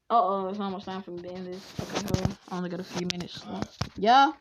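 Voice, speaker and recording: A woman casually spinning a fan story in a rambling way, with many restarts and quick switches into the characters' voices. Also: medium pitch, fairly even intonation, background noise. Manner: rambling, full of fillers and restarts, jumping between voices.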